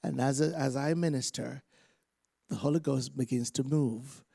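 A man from Africa, a visiting preacher giving a lively sermon, acting out the voices of others as he goes. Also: medium pitch, measured pace, vocal fry, slightly rough, no echo, clean studio sound. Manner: animated, acts out voices of others.

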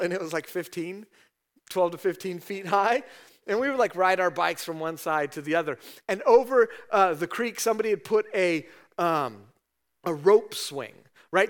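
Middle-aged pastor guy, pretty high voice, casual chatty sermon, lots of "right?". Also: a bit bright. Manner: conversational storytelling, frequent "right?" asides.

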